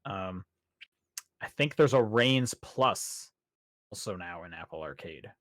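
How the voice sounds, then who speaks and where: A man's voice: low-pitched, takes it slowly, dry recording. Guy hosting a podcast, kinda rambly, lots of ums, dry close mic. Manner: relaxed, rambling with fillers and restarts. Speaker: podcast host. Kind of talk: casual podcast chat. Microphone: podcast microphone.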